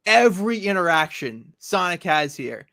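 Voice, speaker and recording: A man hosting a casual comic chat, rambling, swearing, and retelling scenes in quick quoted voices. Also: high voice, sing-song, gravelly, pushed and bright, dry recording, clean studio sound. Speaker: podcast host.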